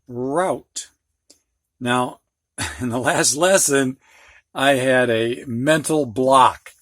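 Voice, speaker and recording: A man's voice: medium pitch, takes it slowly, fairly bright tone, no room sound, clean studio sound. An older man teaching a reading lesson, patiently sounding out words and explaining them with everyday examples. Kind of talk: phonics lesson for students and teachers.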